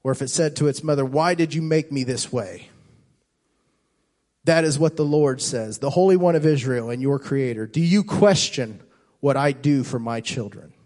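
Here a pastor with a mid-range voice preaches at a moderate pace, his sermon full of passion. Phrases get repeated and restarted as he swings between soft and loud.

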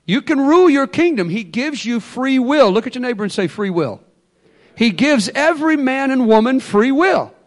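A man's voice: very high-pitched, expressive, moderate pace, few pauses. A man preaching an emphatic sermon and calling on the congregation to respond.

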